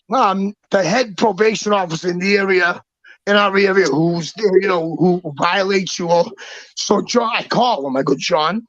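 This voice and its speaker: A man with a high, gravelly voice tells his stories in a profane, emphatic rush, tripping over his own restarts. The recording is dull and lo-fi, with a dry, close sound. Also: fairly bright tone, no echo. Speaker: guest. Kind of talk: casual storytelling.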